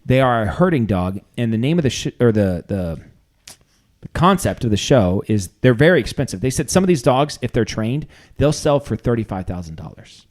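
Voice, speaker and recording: Rambling deadpan podcast co-host man. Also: mid-range voice, brisk. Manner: rambling, deadpan self-mocking jokes. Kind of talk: casual comedic chat.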